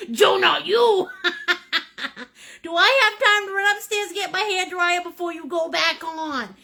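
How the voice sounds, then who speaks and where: Bubbly, bright-voiced woman teaching painting. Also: high voice. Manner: playful, joking, reads out viewer comments; encouraging, coaxing step-by-step instructions. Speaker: painting instructor. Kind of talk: live-streamed painting class.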